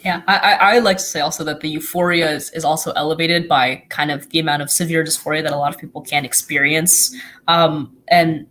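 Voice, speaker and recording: A young guest talking about their own life on a video call, excited and chatty, with many "like"s and restarts. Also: medium pitch, fairly quick, a little hiss or hum. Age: teens or young adult. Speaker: youth guest blogger. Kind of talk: casual live-stream conversation.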